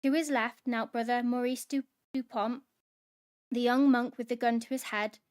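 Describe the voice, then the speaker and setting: Clear-voiced woman reading a thriller. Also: on the high side, steady tone, normal speed, a little mellow. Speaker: book club host. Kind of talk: reading a novel aloud.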